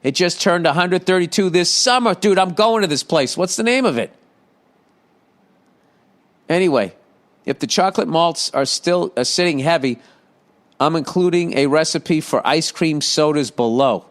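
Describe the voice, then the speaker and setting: A man's voice: fairly high pitch, expressive, normal speed. A middle-aged man hosting a casual solo podcast. He reads listener letters aloud, breaks off mid-sentence and adds profane, sarcastic jokes. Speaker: podcast host.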